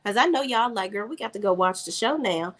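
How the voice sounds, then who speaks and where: A woman's voice: mid-range voice, animated, a little fast, a bit bright. Sassy chatty woman recapping TV. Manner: chatty, sassy, reads chat aloud. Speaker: TV recap host. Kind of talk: casual live-stream recap.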